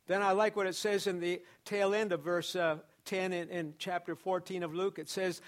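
A man's voice: sits high, little pitch movement, normal speed, few pauses. A pastor preaching a sermon to his church, building emphasis through repeated phrases. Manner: preaching with repetition and rising emphasis.

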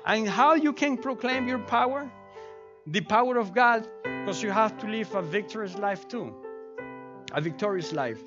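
A man's voice: high voice, unhurried, lo-fi sound. A male pastor leading a sermon and altar prayer, pleading fervently and repeating his cries to God. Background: keyboard music.

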